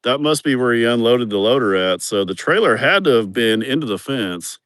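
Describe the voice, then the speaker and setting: A man's voice: mid-range voice, animated, moderate pace, fairly bright tone, no room sound, clean studio sound. A man, giving a crude, joking, rambling livestream tour of his farm, outdoors on a phone camera. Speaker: vlogger showing his farm. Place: outdoors on rural farmland.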